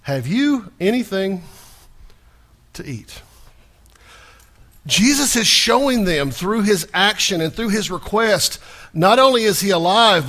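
A man's voice: high-pitched, pushed and bright. A male pastor preaching a sermon in a conversational, folksy way, often restarting and repeating small words.

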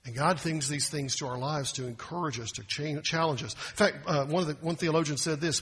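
A pastor preaching a sermon, a man with a fairly high, forceful and slightly husky voice. He leans on rhetorical questions and swings between loud bursts and hushed lines. His voice rings out with a long reverb, as in a large hall. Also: fairly even intonation, brisk, hardly any pauses.

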